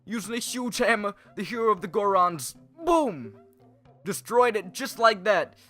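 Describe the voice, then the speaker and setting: A man voicing an eager young male Goron rock-creature boy, reading game dialogue aloud in an excited, pleading, high and loud voice. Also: unhurried, exaggerated voice. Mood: storytelling.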